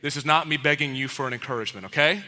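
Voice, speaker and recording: A man's voice: on the high side, rapid-fire, sharp tone, long reverb tail. A man preaching a sermon to a live congregation, in a casual, conversational way with playful acted-out quotes. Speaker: pastor. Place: church auditorium with live congregation.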